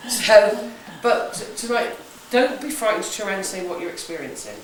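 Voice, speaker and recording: A chatty, jokey West Country woman, a psychic hosting a ghost hunt, briefs a group and keeps checking with "okay?". Her mid-range voice is animated and brisk. She's recorded from a distance on a camera in a large echoey room of an old building, with a little hiss or hum.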